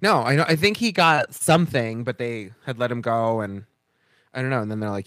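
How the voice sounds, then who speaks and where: Co-hosting a casual podcast conversation, a man tells stories animatedly and acts out other people's lines in their voices as he goes. He has a medium pitch and moderate pace, recorded in a clean studio with no echo.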